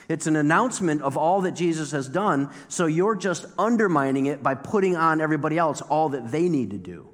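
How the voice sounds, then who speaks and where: Man preaching in a reverberant hall. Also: medium pitch. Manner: conversational preaching, emphatic repetition. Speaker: pastor. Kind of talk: sermon.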